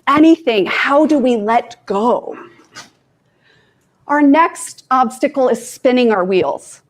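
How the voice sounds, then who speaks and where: A woman's voice: high voice, lively intonation, takes it slowly. A woman life coach from Kansas giving an informal talk to students, chatty and self-deprecating, with asides to her audience.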